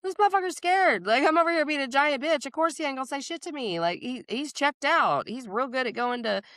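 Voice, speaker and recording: A woman's voice: sits high, fairly quick, a bit bright, no room sound, clean studio sound. A woman therapist hosting a podcast, speaking in candid casual chat, blunt and profane and laughing often.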